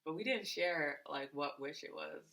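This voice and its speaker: A woman in her thirties co-hosting a couple's podcast, telling stories in a teasing, animated way. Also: deep voice, moderate pace, over a noisy crowd, rough recording. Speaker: podcast co-host. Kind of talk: casual couple chat.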